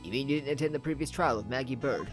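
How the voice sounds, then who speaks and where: A woman voicing a cool, smug masked male prosecutor who speaks low, smooth and unhurried. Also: faint music behind.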